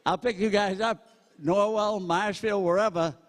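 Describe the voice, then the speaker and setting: A man works a charity auction, his voice sitting high as he fires off bid after bid. He tosses in jokes between the numbers to keep the room going. The sound carries a long, echoing reverb from a large banquet hall. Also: steady tone. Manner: rapid-fire bid calling with jokes. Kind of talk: live charity auction calling.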